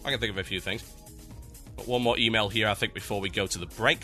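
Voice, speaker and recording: A man's voice: fairly low pitch, steady tone, fast talker, pushed and bright, faint music behind. A young man hosting a solo gaming podcast, talking casually in a blunt, opinionated, ranting way. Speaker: podcast host.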